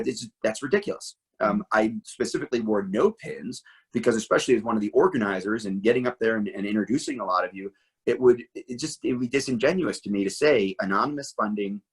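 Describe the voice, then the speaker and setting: A middle-aged man guest speaks in a low, slightly husky voice. He talks in an animated conversational way, piling up asides and rhetorical questions as he explains. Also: low-quality recording. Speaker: interview guest, firearms trainer.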